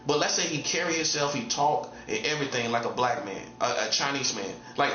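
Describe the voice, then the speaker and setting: A man's voice: on the high side, expressive, brisk, pushed and bright, reverberant, highs cut off, soft background music. A man giving a casual preaching monologue as a self-styled prophet, repeating himself and hammering points home with rhetorical questions.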